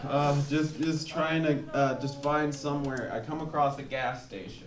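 A man's voice: fairly high pitch, steady tone, moderate pace. Man telling a rambling stand-up story. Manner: rambling, profane, self-mocking storytelling. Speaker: stand-up comedian. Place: live comedy show before an audience. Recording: echoey room, from far off, loud noise. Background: audience laughter.

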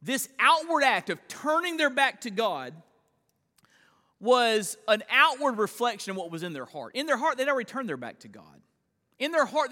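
A man's voice: high voice, bright, forceful tone, in a large hall. A man preaching an expository sermon, reading scripture aloud with earnest restarts in a church sanctuary. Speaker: pastor.

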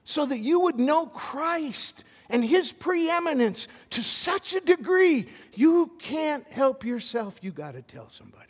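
A man preaches a sermon in a high voice, taking his time. He is animated and often stammers and restarts his phrases. His voice rings out with the long echo of a church hall. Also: measured pace, hardly any pauses. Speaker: visiting pastor.

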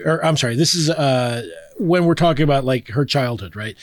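A man's voice: medium pitch, a little fast, few pauses, no echo. A man hosting a podcast in a casual, chatty way, reading passages aloud and laughing easily with plenty of fillers and restarts. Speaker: podcast host.

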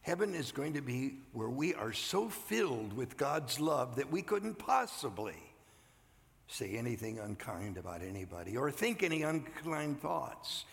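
An older man preaching a sermon, earnest, rising loud and then dropping to a hush. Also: mid-range voice, vocal fry, long reverb tail. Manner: earnest, swings from loud to hushed. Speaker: pastor. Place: church sanctuary.

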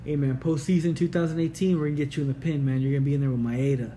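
A man's voice: a little high, fairly even intonation, rapid-fire, a crowd in the background, poor audio. A man co-hosting a casual sports chat, laid-back and profane, tacking "man" and "dude" onto his lines. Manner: laid-back, swears often, says "man" and "dude" a lot.

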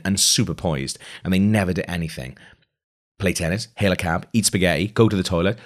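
A man with a low, deep voice reads a novel aloud in a casual, chatty way. He sounds amused and keeps stepping out of the text with his own asides before carrying on. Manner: chatty, amused, breaks off to react. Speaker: reader of a novel.

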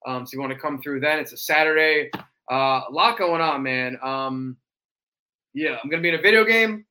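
A young man telling stories in a casual chat, animated and quick to slip into wrestler impressions. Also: a little high, slight background noise. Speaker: cosplayer guest.

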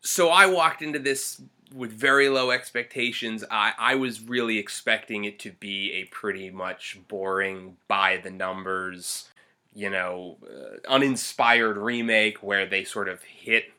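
A man's voice: on the low side, fairly even intonation, unhurried, sharp tone. A man co-hosting a casual movie podcast, chatty and rambling, laughing often. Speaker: podcast co-host. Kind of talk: casual movie review chat.

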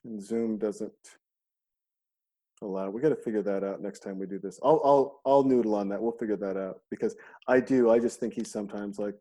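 Mellow-voiced man rambling through podcast jokes. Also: on the low side, fairly quick. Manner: rambling and joking, acts out quotes, swears freely. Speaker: podcast host. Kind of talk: casual chat.

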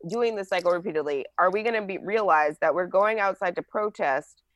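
A woman's voice: fairly low pitch, dry recording. A woman from New Jersey co-hosting a casual political chat, frank and conversational. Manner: frank, conversational, with fillers and quick emphasis. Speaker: podcast co-host.

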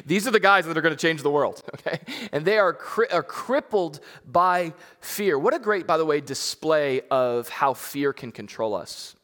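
Pastor guy preaching, kinda high voice, chatty, lots of "like", long reverb in the hall. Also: lively intonation, normal speed, fairly bright tone. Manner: conversational, repeats words, rises to emphatic peaks. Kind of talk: sermon.

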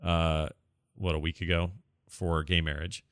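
An opinionated American man chatting bluntly as a podcast co-host. His low voice has a forceful, bright edge, and the recording is dry and close. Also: flat delivery, a little slow, no echo. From United States. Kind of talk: casual chat.

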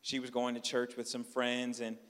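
A man in his thirties preaching a sermon, telling family stories with lively swings from loud to hushed. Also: mid-range voice, normal speed. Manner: animated storytelling, dropping to a hush for quiet lines. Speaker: pastor. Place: church hall. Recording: long hall reverb.

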